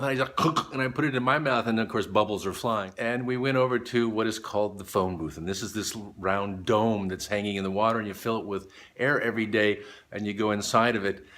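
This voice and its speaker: A middle-aged man vlogging, telling a story in an animated way and acting out the people in it. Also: mid-range voice, a little fast. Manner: animated storyteller, voices the people in his story, laughs often. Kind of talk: motivational storytelling vlog.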